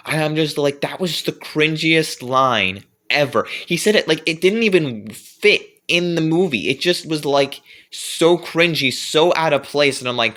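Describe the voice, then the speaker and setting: A man's voice: mid-range voice, animated, moderate pace, bright, forceful tone. A man reviewing movies in a casual vlog, rambling along with many fillers and restarts.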